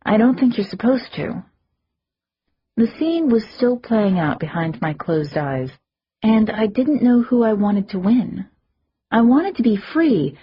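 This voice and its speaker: A woman narrating a fantasy audiobook in a measured, dramatic first-person reading. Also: medium pitch, slightly rough, muffled recording.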